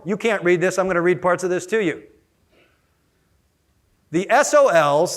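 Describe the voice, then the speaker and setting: A man giving an energetic conference keynote, often asking the audience questions. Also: a little high. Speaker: conference speaker.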